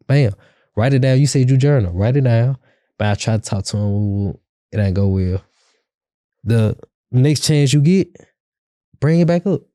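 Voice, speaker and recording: A man's voice: mid-range voice, mellow, no echo, clean studio sound. Blunt slangy man giving advice. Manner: blunt, emphatic, slangy, acts out both sides of a couple's argument. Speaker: podcast host. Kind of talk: casual podcast talk, giving relationship advice.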